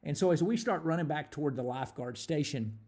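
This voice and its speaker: A man in his forties earnestly telling a personal story, animated, with frequent repeated starts. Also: fairly high pitch, fast talker. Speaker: ministry speaker.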